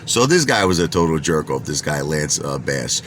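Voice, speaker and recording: Lively Brooklyn man spinning a boastful yarn. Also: rumbling low, normal speed, slight background noise. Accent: Brooklyn New York. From Bensonhurst, Brooklyn. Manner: animated, street-talking, swears he doesn't lie. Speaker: vlogger. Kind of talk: boastful storytelling.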